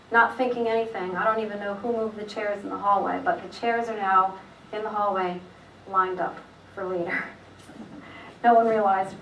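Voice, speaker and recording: A middle-aged woman telling a personal faith story in a rambling way, halting often with fillers and restarts. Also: mid-range voice, a bit bright, slight background noise. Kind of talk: personal testimony, casual retelling. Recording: echoey room, voice from a distance.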